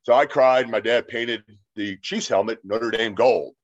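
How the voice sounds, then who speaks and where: A man's voice: mid-range voice, measured pace. A man in his fifties, an interview guest, telling long rambling stories with lots of fillers. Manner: rambling anecdotes with many fillers. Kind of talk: casual storytelling. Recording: slightly dull lo-fi sound.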